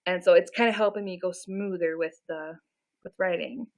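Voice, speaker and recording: A woman's voice: on the low side, fairly even intonation, moderate pace, a little mellow, poor audio. Chatty self-deprecating young woman streaming. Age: 20s. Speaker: livestreamer. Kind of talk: casual live-stream chat.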